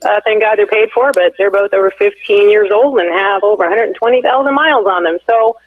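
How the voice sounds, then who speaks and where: A woman in her forties, the candidate's wife, phones in to an interview and tells a long, rambling story full of fillers and restarts. Her voice is medium-pitched and brisk, coming over a tinny, dry telephone line with no echo.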